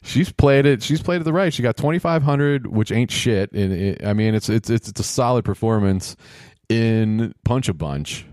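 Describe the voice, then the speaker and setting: A man's voice: fairly low pitch, expressive, moderate pace, darkish tone, no echo, studio quality. A man giving casual play-by-play commentary on a game show, rambling with sarcastic, wisecracking asides.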